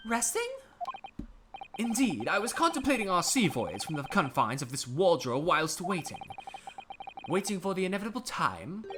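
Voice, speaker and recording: Pompous male detective, grandstanding, animated pitch, a streamer's put-on. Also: close to an everyday voice. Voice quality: pompous, theatrical. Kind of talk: voicing game dialogue on a stream.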